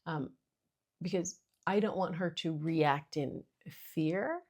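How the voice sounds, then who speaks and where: A woman's voice: sits low, slow pace, darkish tone. A woman in her thirties hosting a casual solo podcast, rambling and self-deprecating with lots of fillers. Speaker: podcast host.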